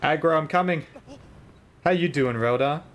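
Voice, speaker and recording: A man live-streaming a game, chatting casually with viewers and thinking aloud in an excitable, rambling way, sometimes shouting at his in-game horse. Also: on the high side, moderate pace.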